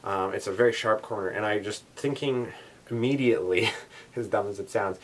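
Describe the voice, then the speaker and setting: A young man from Canada ranting casually in a daily vlog, animated and swearing, wet from the shower. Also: on the low side, normal speed. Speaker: vlogger.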